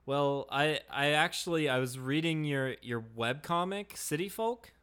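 A man's voice: a little high, a little slow, a bit bright, smooth. Rambling, hesitant male podcast host. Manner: hesitant and rambling, with many restarts and fillers. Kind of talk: improvised comedy podcast skit.

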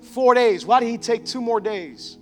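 A man's voice: very high-pitched, moderate pace, a bit bright, soft background music. A man voicing Martha, an exasperated and indignant grieving sister, in a sermon. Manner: indignant, scolding.

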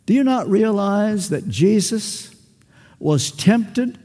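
An older man preaching a sermon, emphatic, acting out little dialogues and pausing for weight. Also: high voice, animated, warm tone. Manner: emphatic, with acted-out dialogue and long pauses. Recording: church with long reverb.

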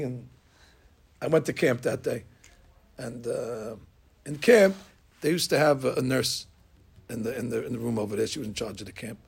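An older man telling an animated story as a lesson, acting out the dialogue and laughing at his own tale. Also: medium pitch, vocal fry, husky. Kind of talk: storytelling sermon.

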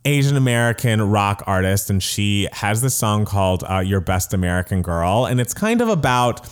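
Chatty, giggly male podcast co-host, low-ish voice, casual gushing. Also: very animated, clear, resonant tone. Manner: chatty, giggly, quick to gush. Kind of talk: casual chat.

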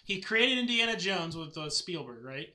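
A man co-hosting a podcast in casual chat, animated and quick to slip into mocking impressions. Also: high-pitched. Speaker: podcast co-host.

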